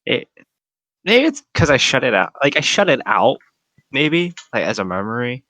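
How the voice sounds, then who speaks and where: A man's voice: medium pitch, big pitch swings, normal speed, sharp tone, dry recording. A man co-hosting a podcast in casual chat, joking and teasing his friend. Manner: teasing, jokey banter. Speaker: podcast co-host.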